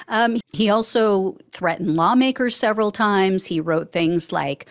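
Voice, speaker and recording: A woman's voice: mid-range voice, expressive, measured pace, hardly any pauses, dry recording, studio quality. Wry woman hosting a news show. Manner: wry, sarcastic asides. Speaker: podcast host. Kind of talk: news commentary reading quotes.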